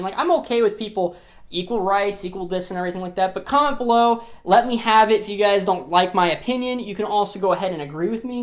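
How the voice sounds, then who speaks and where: A man sounds off about a film he disliked in a loose, conversational rant. His talk is blunt and sprinkled with profanity, and he trips over and restarts his words. He keeps reaching for his viewers with "like" and "you know what I mean". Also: high-pitched. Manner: restarts and repeats words often. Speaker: film reviewer on his own channel. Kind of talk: casual opinion rant to camera.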